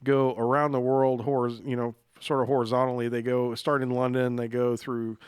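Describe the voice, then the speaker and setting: A man hosting a podcast in casual chat, relaxed and rambling with many fillers. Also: mid-range voice, moderate pace, clear, resonant tone, dry recording, clean studio sound. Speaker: podcast host.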